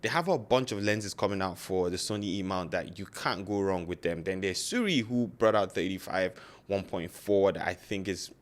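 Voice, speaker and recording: A man with a deep, very low voice and a non-native English accent talks casually to camera about photography gear. He rambles and corrects himself, with lots of fillers and restarts, in relaxed vlog fashion. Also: normal speed. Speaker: photography YouTuber.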